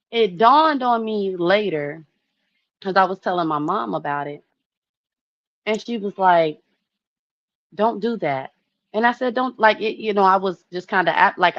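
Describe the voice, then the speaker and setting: A woman in her early thirties telling a personal story to her viewers in a chatty, animated way, often saying "you know". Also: lowish voice, no echo, muffled recording. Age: 30s. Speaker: vlogger.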